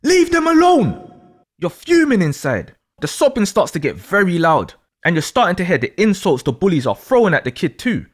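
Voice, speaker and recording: A man telling a dramatic second-person story, in an animated way. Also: sits high, a little fast, hardly any pauses. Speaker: astrology storyteller.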